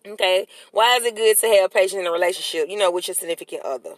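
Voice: medium pitch, rapid-fire, dry recording. Dry close-miked chatty podcast host. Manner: animated, preachy, repeats affirmations. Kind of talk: casual chat.

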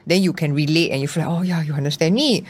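A young Singaporean woman speaking in a fairly low voice. She tells her own story openly as a podcast guest, with a Singaporean accent. Her delivery is lively, and she acts out her own thoughts in quotes. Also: fast talker, husky. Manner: animated storytelling with acted-out quotes. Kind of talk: candid personal interview.

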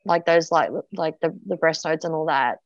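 A woman's voice: sits low, normal speed, no echo, muffled recording. A woman guest telling a personal story frankly, swearing freely and full of fillers and restarts. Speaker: podcast guest.

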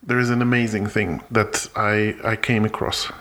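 Halting, word-searching male podcast co-host. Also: fairly low pitch, flat delivery, a bit bright. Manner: halting, repeats words while searching for phrasing. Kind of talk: casual chat.

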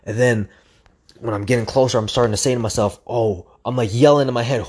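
A young man tells his story in loose, casual speech, intense and profane. He keeps repeating phrases and acts out the voice in his head. His voice sits at an ordinary middle pitch for a man. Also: fairly even intonation, fast, a little mellow, husky. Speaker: storyteller recounting a hard run.

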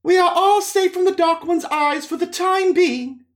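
A man voicing an imperious, powerful sorceress who speaks in commanding announcements and sharp orders. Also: extremely high pitch, measured pace, voice pushed up. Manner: commanding, loud warnings.

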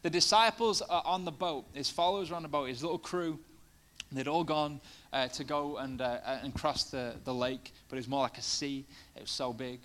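A man's voice: fairly high pitch, normal speed, fairly bright tone. Male preacher, casual and chatty in his sermon, swelling into fervent emphasis. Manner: conversational, many fillers, rising to passionate emphasis.

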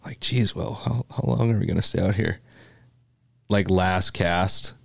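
Low voiced guy cohosting a podcast, laid back chat, dry close sound. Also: measured pace, vocal fry, no room sound. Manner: relaxed, chatty, with many restarts. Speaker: podcast co-host. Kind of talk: casual chat.

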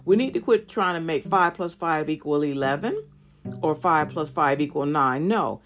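A middle-aged woman hosting a podcast, telling a personal dating story in a candid, animated way and talking straight to her listeners. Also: lowish voice, normal speed, faint music behind. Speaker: podcast host.

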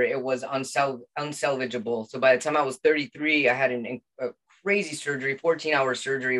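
A man's voice: medium pitch, fairly bright tone. A middle-aged man, a podcast guest, telling his personal story in an earnest, heartfelt way, restarting his phrases often.

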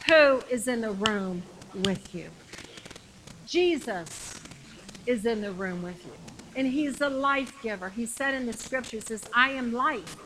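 A woman preaching a sermon with passion, repeating phrases and shouting the climactic lines. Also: fairly high pitch, expressive, unhurried, a little hiss or hum, low-quality recording.

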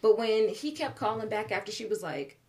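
A woman's voice: mid-range voice, a little fast. A woman co-hosting a podcast, chatting casually about a film and acting out its lines with slang and swearing. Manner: animated, acts out movie lines with profanity and slang. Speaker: podcast co-host. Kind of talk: casual movie review chat.

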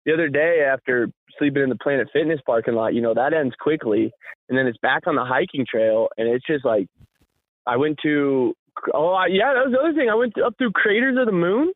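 Man, podcast co-host, casual rambling storyteller, slightly high voice, thin phone-like sound. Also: a little fast, no echo. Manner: rambling, animated storytelling with frequent laughs. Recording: tinny phone-line sound, dry.

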